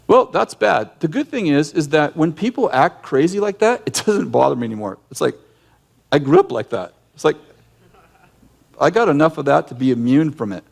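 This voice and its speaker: Animated man giving a conversational sermon. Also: fairly high pitch, normal speed, gravelly. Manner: animated storyteller who acts out yelling scenes; direct and emphatic, with frequent restarts. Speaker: ministry leader and teacher.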